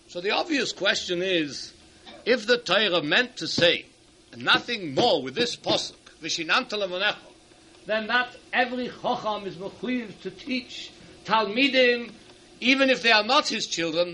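A man giving a Torah lecture to teachers. He reads Hebrew sources in quick bursts and then explains each one in English. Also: sits high, expressive, pushed and bright. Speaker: rabbi speaking to teachers. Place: hall at an event.

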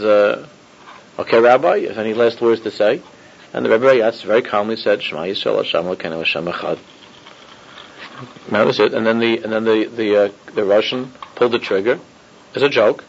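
A man teaching an informal Torah class as a rabbi, mixing in Hebrew and Yiddish terms, often repeating himself and chuckling. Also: on the low side. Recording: dull lo-fi recording.

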